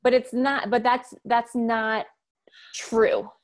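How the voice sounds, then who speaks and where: A woman's voice: fairly high pitch, slow. Emphatic woman coach in her thirties. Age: 30s. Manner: emphatic, animated storytelling with acted-out quotes. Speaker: communication coach, guest. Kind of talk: interview conversation.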